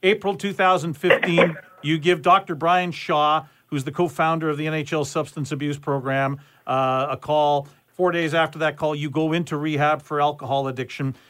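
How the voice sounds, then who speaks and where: Casting: male interview host, fairly high voice, measured and deliberate. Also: fairly even intonation, a bit bright. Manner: measured, sets up questions with background facts. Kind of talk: podcast interview.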